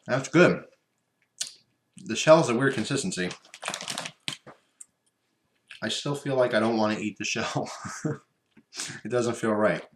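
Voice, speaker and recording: A man's voice: on the low side, normal speed, long pauses. A man chatting casually through an unboxing and taste-test vlog, rambling and talking while he chews. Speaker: vlogger. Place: room at home by his computer. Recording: echoey room with background noise.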